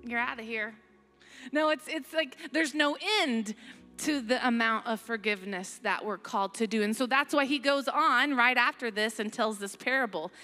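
A woman's voice: a little high, normal speed, pushed and bright. A middle-aged woman preaching a sermon in a conversational way, reading scripture aloud with playful asides. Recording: long hall reverb, faint music.

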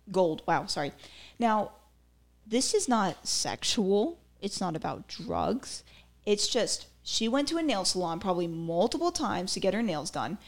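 A woman podcast host breaking down a comedy routine in casual, opinionated commentary that turns into rants, with lots of "like" and "um.". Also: medium pitch. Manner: opinionated, ranting, filler-heavy.

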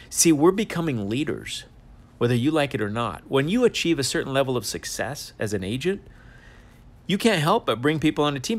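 A man giving a motivational talk to insurance sales agents in an energetic coaching manner, repeating short exhortations. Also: mid-range voice. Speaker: insurance agency leader.

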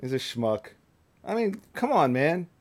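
A man's voice: on the high side, very animated, a little slow. A man co-hosting a casual podcast over a video call, laid-back and casually profane, often saying bro and man. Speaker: podcast co-host.

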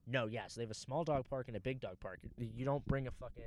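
A man's voice: medium pitch, quick pace, darkish tone. A man in casual podcast chat, crude and slangy, telling stories with lots of "like" and swearing. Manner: crude, slangy, blunt jokes.

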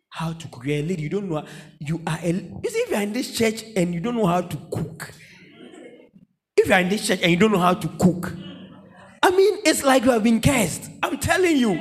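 Male preacher, high voice, animated, repetitive, comic sermon delivery. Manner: animated, repetitive, bursts into shouts and laughter. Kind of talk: humorous sermon.

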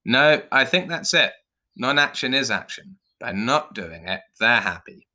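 Man as a jittery storybook mouse, whiny and unsure, bright tense voice. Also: medium pitch, lively intonation, a little slow, pitched above the performer's own voice. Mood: weary. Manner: whining, hesitant. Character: anxious, whiny male mouse.

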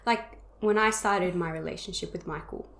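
A woman's voice: lowish voice, normal speed, a bit bright. A young adult woman co-hosting a podcast, speaking in a reflective, supportive way in casual chat, with frequent "um" and "like". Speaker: podcast co-host. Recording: roomy echo.

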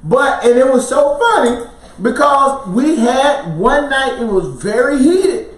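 A man's voice: very high voice, lively intonation, slow. A man co-hosting a podcast, telling a personal story in casual chat, acting out quotes and laughing often. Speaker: podcast co-host. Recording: roomy sound, mic at a distance.

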